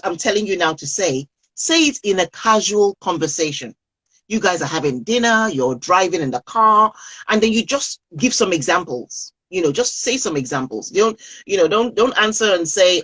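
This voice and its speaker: A woman's voice: fairly low pitch, breathy edge, low-quality recording. A woman coaching parents on a live video call, speaking earnestly and repeating key phrases for emphasis.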